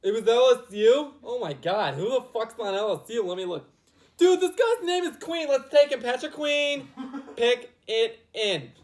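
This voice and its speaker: A woman voicing a clueless male football team executive who talks in giddy, drawn-out shouts. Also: on the high side, lively intonation, pitched above the performer's own voice, lightly acted.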